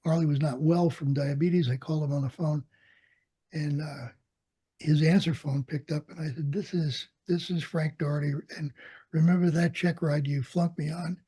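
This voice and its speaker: A man's voice: a little high, moderate pace, breathy edge. An older American man, a Vietnam veteran pilot, telling stories in an oral history interview, acting out the dialogue and laughing often. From United States. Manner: animated storyteller, acts out quoted dialogue, laughs often.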